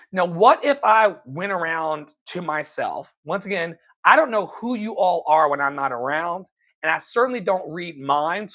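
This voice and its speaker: A man in his thirties speaks in a slightly high voice with a preacherly, emphatic delivery. His motivational talk builds to sudden loud exclamations. A light flavor colors his speech.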